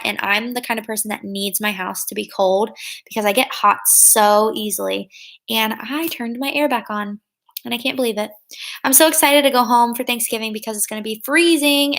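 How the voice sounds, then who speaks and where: A woman's voice: fairly high pitch, fairly even intonation, normal speed, vocal fry, fairly bright tone. A young woman in her twenties chatting casually with her livestream viewers, full of fillers and reading out their comments. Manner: chatty, many fillers, reads out chat comments. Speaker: livestream vlogger.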